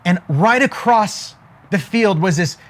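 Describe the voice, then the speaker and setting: Male motivational speaker, light high voice, emphatic, keeps checking in with the audience. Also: lively intonation, slow. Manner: emphatic, with frequent "okay?" check-ins; storytelling, building to a punchline. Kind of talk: motivational talk to an online audience.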